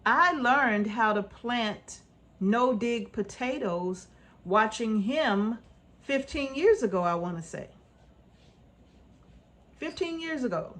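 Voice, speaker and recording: A woman who vlogs about homesteading gives her viewers casual, earnest advice, repeating her points and checking in with "right?" in informal, folksy speech. Her pitch is fairly high, her tone fairly bright, and her pace measured.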